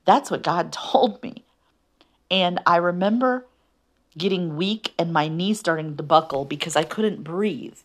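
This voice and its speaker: Woman, low voice, earnest personal testimony, halting delivery. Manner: earnest, halting, with fillers and restarts. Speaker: guest sharing her story.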